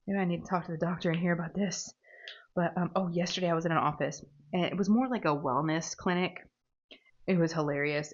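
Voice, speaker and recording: A diamond painting crafter with a lowish voice chats casually while working, rambling and laughing at herself. The high frequencies of the audio are cut off.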